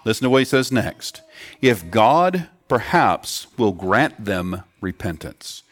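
A man's voice: lowish voice, big pitch swings, slow pace, a bit bright, no room sound. A man preaching a sermon to children and adults in an earnest teaching tone, putting questions to the children. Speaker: pastor.

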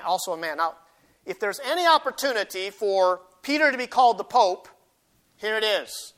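A man delivering a sermon in a high, bright voice. He reads scripture aloud, then explains it with homey, self-deprecating asides, pushing hard on the key points. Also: lively intonation, moderate pace. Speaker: pastor.

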